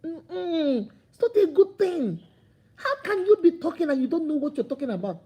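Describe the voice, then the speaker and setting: A woman gives a motivational talk in a preachy, animated way. Her voice sits high, with a mellow, soft-edged tone. She acts out the voices of imagined people as she makes her points. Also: moderate pace. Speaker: motivational speaker.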